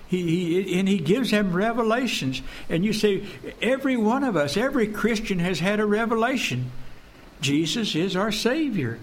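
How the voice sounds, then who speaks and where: A man preaching an earnest sermon, repeating phrases and dropping to a hush to stress a point. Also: high voice, lively intonation, moderate pace. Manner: earnest, repetitive, drops to a hush for emphasis.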